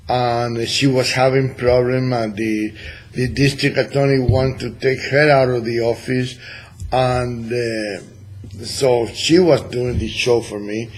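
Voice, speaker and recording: Cuban-accented man, slow halting talk. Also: mid-range voice, darkish tone, husky, low-quality recording. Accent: Cuban Spanish. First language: Spanish. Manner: halting, many pauses and fillers. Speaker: radio show host. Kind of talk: casual studio chat.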